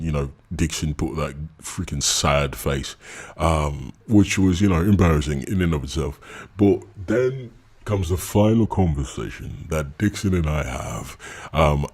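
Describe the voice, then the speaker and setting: Streamer, male, very low voice, scornful commentary mocking messages he reads. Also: a little slow, a little mellow, breathy edge. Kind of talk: ranting commentary reading messages aloud.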